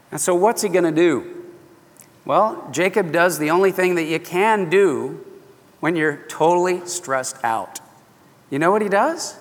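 Animated, folksy preacher in a hall. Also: male voice, sits high, unhurried. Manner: animated, folksy, self-interrupting. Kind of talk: sermon storytelling. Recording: long echo of a large hall.

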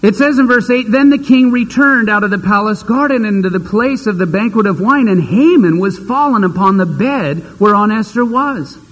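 A man's voice: high voice, animated, normal speed, few pauses, big-room sound, rough recording. A man preaching a sermon, retelling a scripture story dramatically and acting out the characters' voices.

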